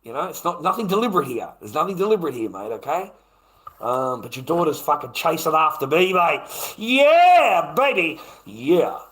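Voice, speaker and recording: Crude rambling Australian man, bright voice. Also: fairly high pitch, lively intonation, fast, poor audio. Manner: crude, profane, rambling, keeps tagging "mate". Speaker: livestreamer. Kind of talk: rambling monologue on a livestream.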